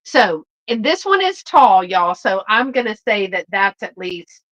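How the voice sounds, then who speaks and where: A woman's voice: mid-range voice, big pitch swings, a little slow, a bit bright, poor audio. A woman hosting a live online sale, chatting in a folksy way and greeting viewers by name. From Texas.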